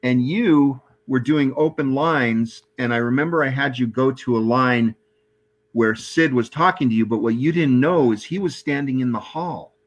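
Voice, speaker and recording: Relaxed man interviewing a former colleague. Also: medium pitch, normal speed, muffled recording. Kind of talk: conversational interview.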